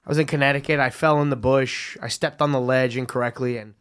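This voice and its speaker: A man from the New York area co-hosting a casual podcast, with quick reactions and jokey asides. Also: medium pitch, fairly even intonation, fairly bright tone, clear, resonant tone. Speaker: podcast co-host.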